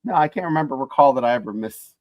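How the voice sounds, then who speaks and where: A man's voice: mid-range voice, expressive, fast talker, no room sound, muffled recording. A laid-back man chats casually on a podcast and pokes fun at himself. His voice is recorded dry and close. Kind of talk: casual chat.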